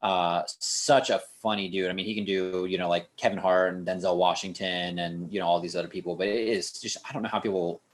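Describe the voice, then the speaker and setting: A man's voice: low voice, fairly even intonation, brisk, hardly any pauses. A young adult man hosting a casual podcast chat, rambling with lots of fillers and restarts. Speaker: podcast host.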